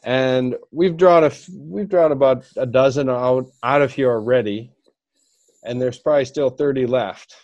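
A man's voice: medium pitch, moderate pace, a little mellow, dull audio. A man hosting a podcast in casual chat, asking loose, rambling questions. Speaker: podcast host.

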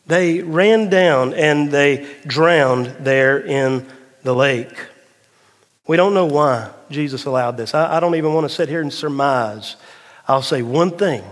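A man, a pastor, preaching a sermon dramatically, rising louder and higher at climaxes and dropping low and slow for emphasis, with folksy asides. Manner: folksy, tells a dad joke. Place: church sanctuary. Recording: long hall reverb of a church.

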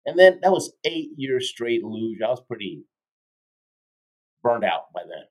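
Fifties male guest, lively motivational storyteller, keeps asking "right?", mid-range voice. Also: medium pitch, measured pace, poor audio. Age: 50s. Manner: energetic, keeps tagging lines with "right?". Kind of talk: animated storytelling in a podcast interview.

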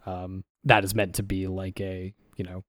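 A man's voice: low-pitched, little pitch movement, normal speed, fairly bright tone, no room sound. A man co-hosting a podcast in casual chat, rambling with many fillers and acting out quotes from what he watched. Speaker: podcast co-host.

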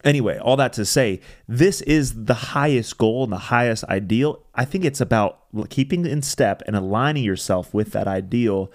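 A man's voice: mid-range voice, moderate pace, hardly any pauses. A man, a pastor, talking through his faith in a casual, reflective chat, rambling with restarts and fillers.

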